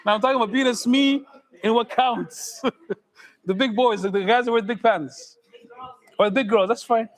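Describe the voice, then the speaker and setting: Middle-aged man, imam, high voice, casual sermon, joking and questioning the crowd. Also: normal speed, long pauses, rough recording. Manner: joking, conversational, asks the audience questions.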